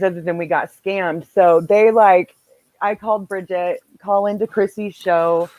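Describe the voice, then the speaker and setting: A woman hosting a podcast, telling a story in casual chat, animated and swearing freely. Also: medium pitch, a little slow, dry recording, low-quality recording. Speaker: podcast host.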